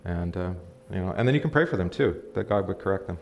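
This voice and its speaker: A man's voice: deep voice, lively intonation, quick pace, a little hiss or hum. A man teaching a casual Bible study as pastor, talking to the room, asking questions and reading passages aloud. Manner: conversational, asks the room questions, chuckles. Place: church or classroom. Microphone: live stream mic.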